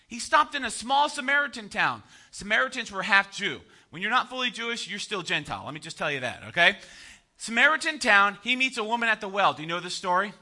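A man's voice: very high-pitched, bright, forceful tone. A man preaching a sermon as pastor, conversational and joking, often tossing out "right?" to the congregation.

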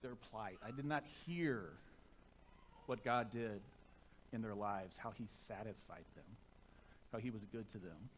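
A man preaching a sermon to a church congregation through a microphone, conversational and self-deprecating, turning soft and reverent in prayer. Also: on the low side, measured pace, pauses often, a little hiss or hum. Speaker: pastor. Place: church sanctuary.

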